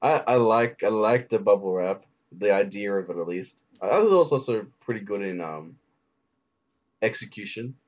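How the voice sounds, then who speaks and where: A man's voice: fairly low pitch, moderate pace. A man co-hosting a casual podcast chat, leaning on fillers as he searches for words. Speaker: podcast co-host. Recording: slightly dull, lo-fi sound.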